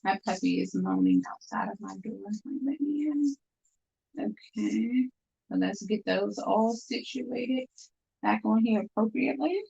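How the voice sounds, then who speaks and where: A woman's darkish, gravelly, slightly rough mid-range voice moves unhurriedly with fairly even intonation. She's live streaming from a room at home, talking straight to viewers in a chatty, upbeat way as she sells her handmade bracelets. Audio is dull, lo-fi stream quality.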